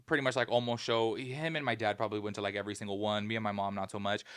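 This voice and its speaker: A man co-hosting a podcast, telling a story in casual chat with emphatic, animated delivery. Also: on the low side, very fast, clean tone. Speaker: podcast co-host.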